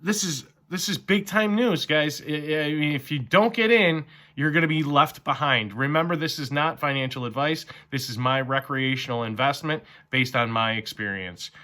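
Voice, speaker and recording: Male host, bright, eager delivery, filler-heavy casual market rundown. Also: on the high side. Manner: excited, fast-paced with many fillers. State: slightly strained voice from talking all morning. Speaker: crypto vlogger. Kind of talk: casual enthusiastic market update.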